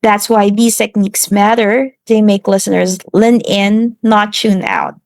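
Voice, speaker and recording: A woman presenting a class lesson on relaxing the voice, steady and instructive, with some slips and restarts. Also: medium pitch, measured pace, no room sound. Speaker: student presenter.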